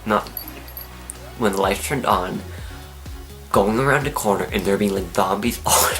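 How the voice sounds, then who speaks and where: Excitable teen guy telling a story. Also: fairly low pitch, unhurried, soft background music. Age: teens. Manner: excitable, animated, acts out his own screams and whispers. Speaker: vlogger. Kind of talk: storytelling to camera.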